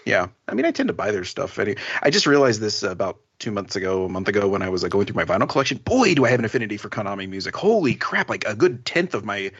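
Man, husky lower voice, animated pitch, rambling chat, lo-fi recording. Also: fast talker, hardly any pauses. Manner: rambling, laughs often. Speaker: podcast co-host. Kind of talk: casual chat. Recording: dull lo-fi sound.

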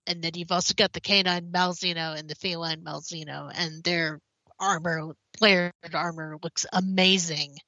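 Woman cohost, kinda hoarse, bright tense voice, bit muffled dry audio. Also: lowish voice, fairly even intonation, normal speed, no echo. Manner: chatty, many ums, slightly hoarse. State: slightly hoarse. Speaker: podcast co-host. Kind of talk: casual chat, news rundown. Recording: slightly dull, dry.

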